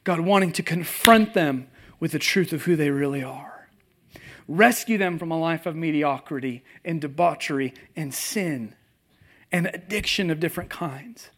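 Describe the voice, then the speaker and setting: Preaching before a live congregation with slides, a pastor with a strikingly high voice tells humorous stories at a moderate pace. His animated delivery drops to a hush and then surges into loud bursts as he weaves personal stories into the sermon.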